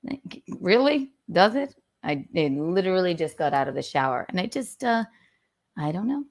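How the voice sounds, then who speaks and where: A woman's voice: on the low side, big pitch swings, normal speed. A woman hosting her own live stream in a casual, playful and theatrical way, humming nonsense sounds as she adjusts her studio mic. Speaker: host. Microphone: own studio mic, adjusting its volume.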